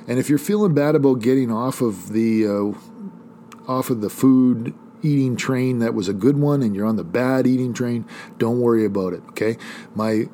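A man's voice: mid-range voice, darkish tone, slight background noise. Chatty man hosting a motivational podcast. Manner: chatty, rambling, motivational coach-like. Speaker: podcast host. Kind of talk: casual solo podcast talk.

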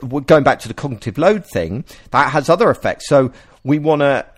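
A man hosting a podcast, explaining ideas in a casual, animated way and often restarting his sentences. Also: mid-range voice, a little fast. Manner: animated, explanatory, self-interrupting. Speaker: podcast host.

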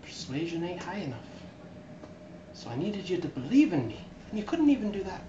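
A man's voice: high-pitched, sing-song, fairly quick, far from the mic, voice pushed up. A man voicing a cruel, scheming pirate queen in a tabletop game, with a cold, menacing delivery. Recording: dull, noisy, echoey room.

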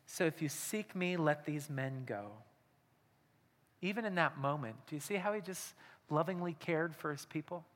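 A man preaching a sermon as pastor, dropping to hushed near-whispers and then rising to loud, urgent appeals. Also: on the high side, normal speed. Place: church hall. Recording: long hall reverb.

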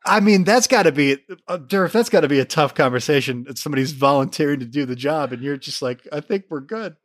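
A man's voice: on the high side, expressive, quick pace, no echo, clean studio sound. A man hosting a comedy interview, eager and enthusiastic, stumbling over his restarts as he asks questions. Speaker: interview host.

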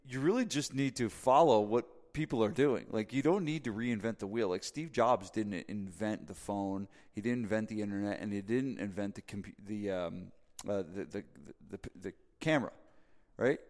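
Recorded in a large hall, a lowish-voiced podcast host from New Jersey wanders through a casual story stuffed with fillers and asides. He gets animated whenever he's driving a point home.

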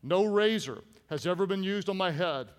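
Animated preacher man in a big hall. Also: sits high, moderate pace. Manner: animated, jokey, acts out voices. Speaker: pastor. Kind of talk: sermon. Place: large church hall. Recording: hall reverb from large room.

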